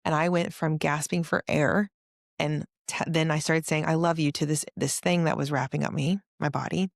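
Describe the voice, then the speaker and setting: A woman hosting a casual spiritual podcast, telling stories with lively acted-out quotes. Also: low-pitched, moderate pace, creaky, no echo, studio quality. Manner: animated storyteller, acts out quotes. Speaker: podcast host.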